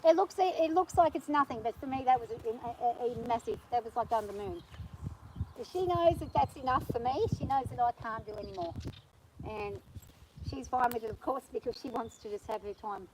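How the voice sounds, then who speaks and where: A woman vlogging from horseback on her farm, talking nervously and gently soothing her horse. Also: on the high side, a little fast, noisy background. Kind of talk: casual spoken vlog.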